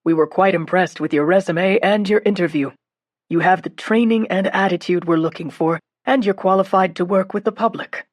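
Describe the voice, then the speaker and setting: A woman's voice: on the low side, no room sound, clean studio sound, lightly acted. A woman voicing a kindly older male zoo director. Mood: kindly formal. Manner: measured, pausing, friendly. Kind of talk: audiobook narration.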